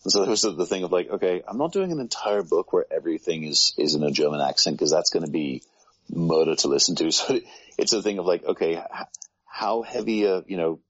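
Very deep, husky man. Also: fairly quick, a bit bright. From United Kingdom. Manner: rambling, self-deprecating, frequent restarts. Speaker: voice actor guest. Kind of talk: casual conversation. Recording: muffled low-fidelity sound.

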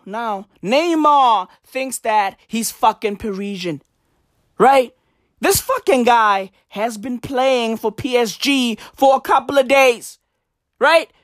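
A woman's voice: high voice, dry recording, clean studio sound. A woman delivering a profane comedic rant, hammering points home and checking in with constant questions. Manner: profane, emphatic, keeps repeating "right?".

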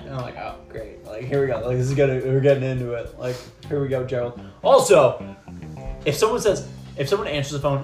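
A man's voice: medium pitch, normal speed, reverberant, faint music behind. A young man from Massachusetts, co-hosting a podcast in casual chat, telling a long, profane story and acting out both sides of a phone call. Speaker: podcast co-host.

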